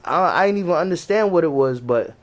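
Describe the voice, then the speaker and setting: A man's voice: on the high side, expressive, fairly quick. A man with a New York accent, a podcast guest telling military stories in casual slang, often restarting his sentences. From Jamaican family. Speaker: podcast guest, navy veteran. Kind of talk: casual storytelling chat.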